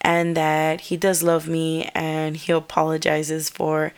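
Low, flat-voiced young woman recounting. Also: clean tone. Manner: earnest, halting, with fillers and restarts. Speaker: storyteller. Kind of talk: personal storytelling.

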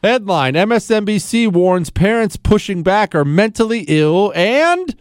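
A man hosts a call-in talk show in a high, lively voice, sliding up and down as he throws out sarcastic jabs. The sound is close and dry, with no room around it. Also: a little slow, smooth, no room sound. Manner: wisecracking, laughs often, sarcastic asides. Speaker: radio talk show host. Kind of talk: call-in show banter and headline reading.

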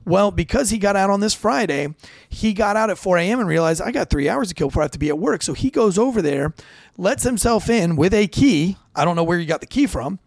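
A man's voice: high voice, brisk, vocal fry, dry recording. A young man, a police officer, casually telling a story from a call and acting out the voices of the people in it. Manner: animated, acts out quoted voices.

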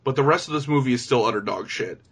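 A man's voice: medium pitch, animated, fast talker, a bit bright, slightly rough. A man co-hosting a podcast in casual chat, ranting with lots of swearing and "like". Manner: profane, ranting, many "like"s. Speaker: podcast co-host.

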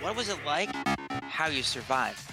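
A man co-hosting a radio talk show, speaking in a relaxed, conversational way. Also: on the high side, moderate pace, loud music behind the voice.

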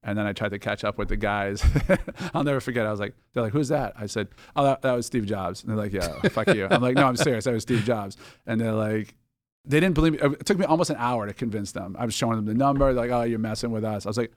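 A man's voice: on the low side, quick pace, no echo. A middle-aged man, a podcast guest, telling a story casually, swearing and acting out quoted dialogue.

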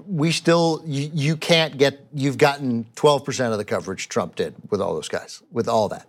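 A middle-aged man trading views on politics with his co-host. He speaks at a middle pitch and often stops and restarts before he makes his point. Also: normal speed. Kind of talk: casual political chat.

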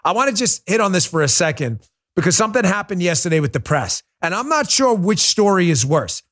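A middle-aged man from New York City hosts a political talk show and rants in exasperation, mocking what he covers. His voice sits high for a man and swings up and down widely as he vents. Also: big pitch swings, a little fast, a bit bright. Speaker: podcast host.

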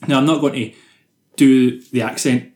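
A man's voice: medium pitch, steady tone, normal speed, darkish tone, echoey room. Rambling, sweary Scottish man. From Scotland. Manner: rambling, sweary, laughing storyteller. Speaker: podcast co-host. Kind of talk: casual chat.

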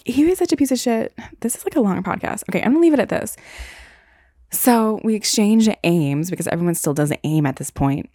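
A woman's voice: lowish voice, warm tone, dry recording, clean studio sound. A young woman hosting a solo podcast, telling stories casually with lots of "like" and "um". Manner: casual, rambling, frequent "like" and "um". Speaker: podcast host.

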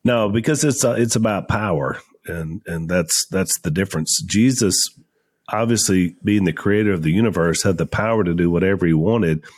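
A man co-hosting a casual podcast. He reads an ad read and joins in the talk in a relaxed way. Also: deep voice, moderate pace. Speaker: podcast co-host, son.

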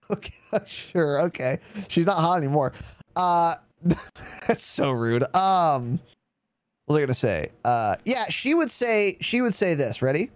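A man's voice: on the high side, sing-song, unhurried, no room sound. A man in his twenties co-hosting a podcast in casual chat, blunt, profane and teasing. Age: 20s. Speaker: podcast co-host.

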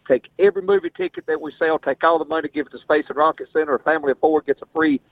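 Fast-talking Southern caller on a phone line. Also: male voice, on the high side, steady tone, no echo.

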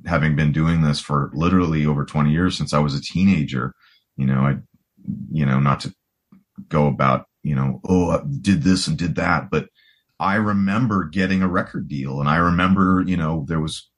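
A man's voice: a bass voice, moderate pace. A man in his forties from the United States, a guest rock guitarist talking in a rambling, casual way full of "you know" and restarts. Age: 40s. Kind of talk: casual podcast conversation.

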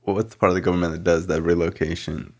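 A man's voice: sits low, little pitch movement, quick pace. A man hosting an interview, asking curious, supportive questions. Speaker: podcast host. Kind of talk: casual interview.

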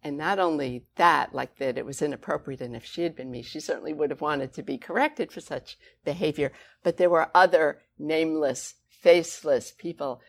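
A woman, a guest author, telling stories conversationally with animated, expressive emphasis. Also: deep voice, moderate pace, gravelly, hardly any pauses. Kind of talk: conversational storytelling.

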